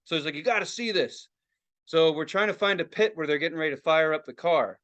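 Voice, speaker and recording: A man co-hosting a podcast, telling a story in casual, excitable, profane chat. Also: a little high, fast talker, smooth, highs cut off. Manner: profane, excitable, acts out other people's reactions. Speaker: podcast co-host.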